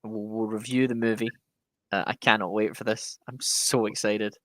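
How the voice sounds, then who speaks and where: Brief: male podcast co-host, jokey and excitable, casual sports talk, dead-dry sound. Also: fairly low pitch, no echo. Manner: enthusiastic, quick to joke.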